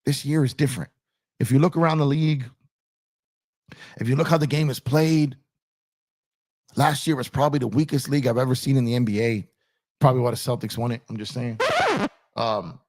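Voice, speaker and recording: A man with a mid-range, slightly mellow voice hosts an animated basketball talk show from a home studio lit in purple. He talks fairly quickly with fairly even intonation and frequent pauses, hammering his points, repeating phrases and calling his chat "y'all." The sound comes from an on-camera streaming setup.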